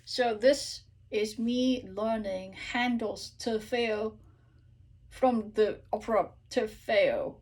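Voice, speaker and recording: A woman and native English speaker teaching how she practices an aria, who breaks into slow sung Italian phrases and asks "okay?" again and again. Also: on the high side, darkish tone, husky. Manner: repeats sung Italian phrases slowly, checks in with "okay?" constantly. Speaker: singer teaching her practice method. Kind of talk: casual vocal tutorial.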